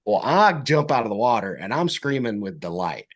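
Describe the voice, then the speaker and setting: A young man, a podcast guest telling a story in casual chat, animated and acting out quotes. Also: moderate pace. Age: young adult. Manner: animated storyteller, acts out quotes in high voices.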